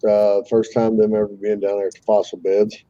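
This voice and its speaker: A man's voice: fairly low pitch, level tone, fairly quick, mellow, dry recording, lo-fi sound. A man telling a fishing story on a live call, casually and with animation, swearing freely and acting out the voices of the people he quotes.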